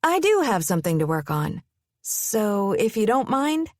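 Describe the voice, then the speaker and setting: A woman's voice: mid-range voice, very animated, a little slow, a little mellow, dry recording, clean studio sound. A woman voicing a stressed, sarcastic young woman student in an audiobook. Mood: impatient. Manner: sarcastic, clipped.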